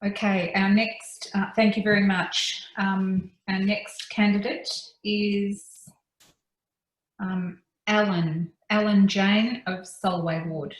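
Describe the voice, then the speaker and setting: A woman's voice: medium pitch, little pitch movement, slow pace. A woman moderates a candidates forum over a video call, friendly and a little flustered as she checks timing. Her voice carries a roomy echo. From Australia. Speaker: forum facilitator. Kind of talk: meeting moderation.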